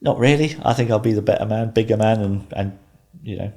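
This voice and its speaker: A man in his fifties talks in an easy, calm way as a guest on a podcast. His voice sits a little low. He tells his story steadily and slips into the voices of the people he quotes. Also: fairly quick. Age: 50s. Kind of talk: casual anecdote telling.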